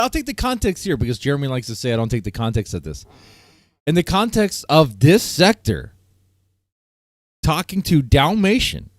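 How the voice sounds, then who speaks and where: A man's voice: a little high, dry recording, studio quality. A man hosting a casual live-stream panel, ranting and repeating himself, breaking into laughter often. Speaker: stream host.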